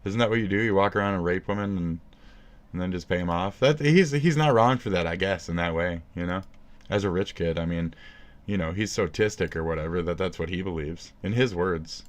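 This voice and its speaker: A man with a deep, low voice rants into his phone mic. He rambles and swears nonstop, piling sarcasm into loose, profane commentary. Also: brisk. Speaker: streamer commenting on another streamer. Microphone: phone recording.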